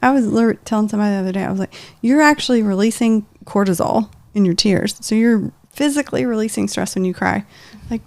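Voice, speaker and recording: A woman's voice: medium pitch, fast, vocal fry, darkish tone. A woman, a trauma therapist hosting a podcast, speaking in a supportive, affirming way and laughing often. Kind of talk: casual podcast chat.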